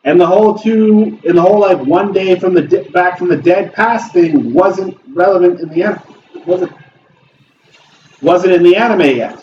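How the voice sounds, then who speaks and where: A high-voiced man delivers an impassioned, cursing rant while he plays a game. He sounds set back from the microphone in an echoey room. The sound is dull, with a faint hum underneath. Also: normal speed, a little mellow, recorded from a distance. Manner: heated, profane, impassioned ranting. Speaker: gaming channel host. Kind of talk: ranting commentary while playing a game.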